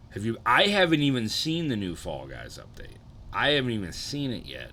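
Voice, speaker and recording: A man's voice: mid-range voice, very animated, normal speed, pushed and bright, a little hiss or hum. A young man streaming live, chatting loosely with his viewers, swearing often and a bit hungover and sluggish. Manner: laid-back, rambling, swears often, greets chatters. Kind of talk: casual live-stream chat.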